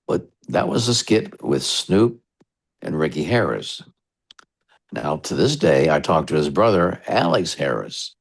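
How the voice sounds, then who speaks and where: A middle-aged man, a radio DJ, telling long rambling stories in an interview with relaxed asides. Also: extremely low pitch, takes it slowly, vocal fry, long pauses. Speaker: radio DJ guest. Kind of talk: storytelling interview.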